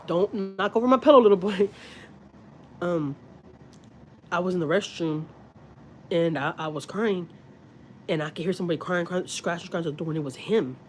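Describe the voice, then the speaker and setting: A woman's voice: lowish voice, darkish tone, slight background noise, poor audio. Candid woman chatting on a livestream. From Houston, Texas. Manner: candid, rambling, confiding. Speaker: family vlogger on a livestream. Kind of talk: casual livestream chat.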